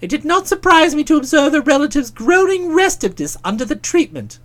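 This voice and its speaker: An audiobook narrator reading a comic novel in a wry, expressive way. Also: sits high, brisk.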